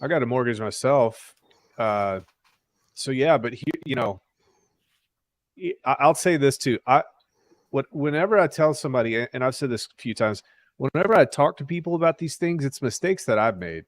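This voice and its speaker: A man's voice: medium pitch, normal speed, no room sound. A man hosting a laid-back podcast, open about his own slips and easily fired up. He talks in bursts and restarts often. His voice sits in a middle range, recorded close and dry. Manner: candid, animated, restarts often. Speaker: podcast host. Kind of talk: casual crypto podcast chat.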